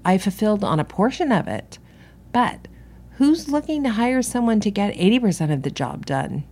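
A woman's voice: medium pitch, big pitch swings, moderate pace, darkish tone. A middle-aged woman, an interior designer and business owner, talks candidly in a solo monologue that drifts into digressions. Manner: candid storytelling with frequent digressions.

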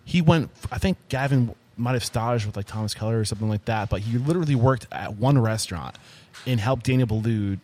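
A man's voice: mid-range voice, brisk, a little mellow. A man hosting a podcast interview who talks in loose, rambling sentences full of fillers. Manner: rambling, filler-heavy, enthusiastic follow-ups. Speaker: podcast host. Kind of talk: casual interview chat.

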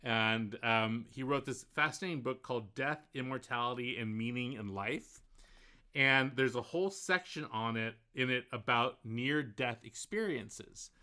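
A man's voice: mid-range voice, measured pace, bright, forceful tone, clear, resonant tone. A man co-hosting a podcast in casual chat, with dry, teasing humor. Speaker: podcast co-host; academic.

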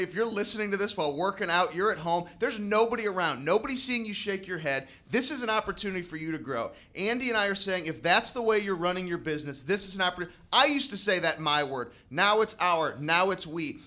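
A man's voice: high voice, animated, fast, hardly any pauses, pushed and bright. A man co-hosting a business podcast, speaking earnestly and giving motivational advice. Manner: earnest and motivational, retells conversations. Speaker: podcast co-host. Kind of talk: casual business podcast chat.

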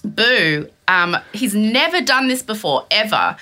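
A young woman hosting a casual chat, telling a story in an animated way and acting out what others said. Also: mid-range voice, a little slow. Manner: animated storytelling, acts out quotes. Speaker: podcast co-host.

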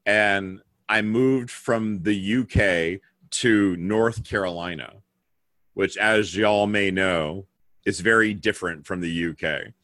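A man from England and Spain telling a story in casual talk, acting out the voices lively. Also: deep voice, slow, no echo, clean studio sound. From England and Spain, raised partly in the UK. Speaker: panel guest.

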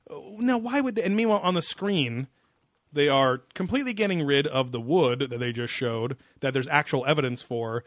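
A man's voice: mid-range voice, normal speed, a bit bright, dry recording, clean studio sound. A man co-hosting a casual podcast, rambling and sarcastic, with frequent laughter. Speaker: podcast co-host. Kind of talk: casual chat.

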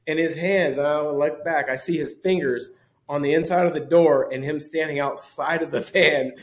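Chuckling frequently, a man in his forties who once played pro basketball shares lively stories as a guest on a podcast. His voice runs on the high side, and he talks at a normal speed.

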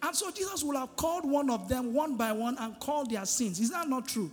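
A man's voice: very high voice, brisk, hardly any pauses. A male pastor preaches a sermon, drawing answers from the congregation with repeated questions. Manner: call-and-response preaching, asking the congregation "what?". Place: church hall. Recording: reverberant hall with music behind.

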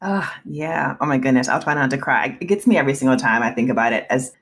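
A woman's voice: extremely low pitch, fast talker, slightly rough. A woman in her thirties talking candidly as a podcast guest, emotional at times, with frequent restarts and laughs. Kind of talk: casual interview conversation.

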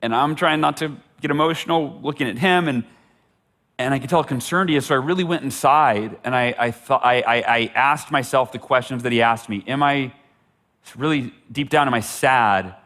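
A man's voice: medium pitch, normal speed, fairly bright tone. A middle-aged man telling a personal story as a motivational speaker, earnest and often repeating words for emphasis. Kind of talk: storytelling talk.

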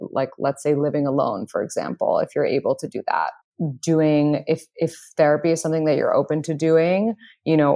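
A woman's voice: deep voice, darkish tone. A woman guest giving dating advice in casual conversation, outgoing and confident, with frequent fillers.

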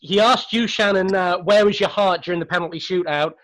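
A man's voice: high voice, brisk, fairly bright tone, poor audio. A man hosting a casual podcast reunion, chatty and stumbling over his words as he asks questions. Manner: chatty, stumbling, laughs often. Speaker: podcast host.

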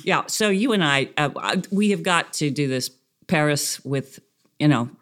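A woman's voice: low voice, animated, moderate pace. A woman hosting a podcast, chatting playfully over a video call, laughing often and rambling a bit. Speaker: podcast host.

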